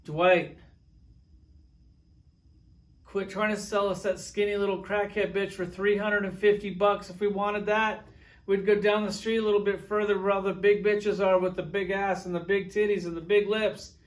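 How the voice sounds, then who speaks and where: A man's voice: high voice, flat delivery, normal speed. A man giving a profane, sarcastic comedic rant to camera, telling crude stories with heated outbursts. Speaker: toy collector reviewer.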